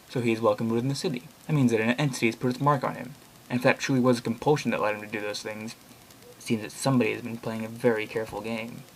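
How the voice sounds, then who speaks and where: A man's voice: medium pitch, vocal fry, slight background noise. A young man reading online horror blogs aloud with casual commentary, rambling and opinionated, swearing now and then.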